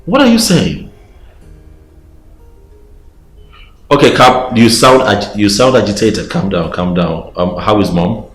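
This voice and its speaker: A smitten young prince. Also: male voice, lowish voice. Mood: urgent. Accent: Nigerian. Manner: pleading, persuasive, teasing. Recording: roomy echo, faint background music.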